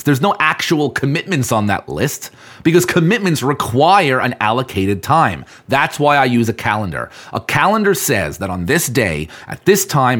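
Speaking with a fairly bright tone at medium pitch, a man hosting a motivational podcast earnestly coaches his listener on following through with commitments.

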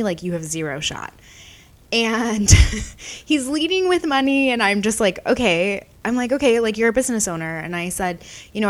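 A young woman podcast host telling a story in a casual, chatty way, constantly saying "like" and acting out quotes. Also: fairly low pitch. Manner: chatty, animated, heavy use of "like", quoting herself and others.

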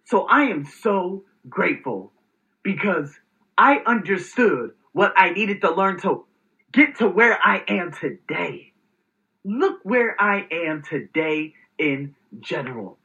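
A man hosts a motivational vlog in an energetic, emphatic way, dropping salty words as he goes. His voice is forceful and bright, rising and falling in lively swings. The audio is dull and lo-fi. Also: high voice, slow pace. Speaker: host.

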